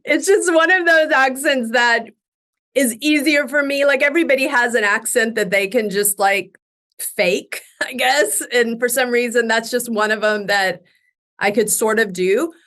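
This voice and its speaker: A middle-aged woman speaks as a podcast guest, her voice sitting a little high. She tells her stories in an animated rush, breaking into laughter and starting her sentences over. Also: unhurried. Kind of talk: casual interview storytelling.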